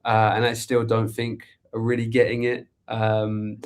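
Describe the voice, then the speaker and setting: A man's voice: lowish voice, completely flat delivery, measured pace, clean tone. A young English man, a guest in a casual interview, talking loosely with many fillers and laughs. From England. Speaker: guest, agency co-founder.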